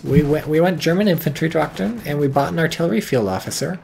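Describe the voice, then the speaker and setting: A man giving casual, profane, excitable commentary on a strategy game match, with wry asides. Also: fairly high pitch, fast talker, gravelly, few pauses, slight background noise. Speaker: game caster.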